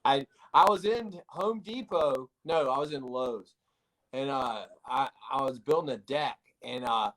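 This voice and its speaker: Male guest, mid-pitch, self-deprecating storyteller, casual. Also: a bit bright, poor audio. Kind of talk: casual chat.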